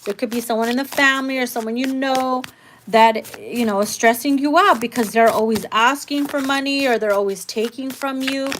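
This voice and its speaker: Woman doing a live tarot reading, kinda high voice, blunt and sweary, faint noise and card shuffling behind. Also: moderate pace, fairly bright tone. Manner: casual, blunt, swears freely. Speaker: tarot reader.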